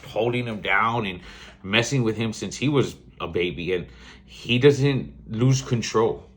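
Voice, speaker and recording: Man, forties, lowish pitch, podcast host, casual storytelling, blunt, profane. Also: a bit bright. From South Texas. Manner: rambling, blunt, swears freely, laughs mid-story.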